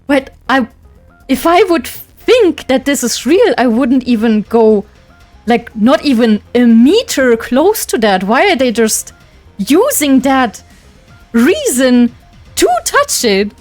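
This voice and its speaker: Woman playing a confused young boyfriend, stammering and high, slow. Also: big pitch swings, a little mellow, faint music behind, heavily acted. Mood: baffled. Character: bewildered young man, the narrator's boyfriend.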